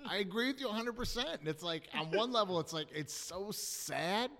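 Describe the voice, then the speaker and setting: A man's voice: high-pitched, lively intonation, brisk, a bit bright, big-room sound. A man in casual chat who listens, agrees and chuckles along.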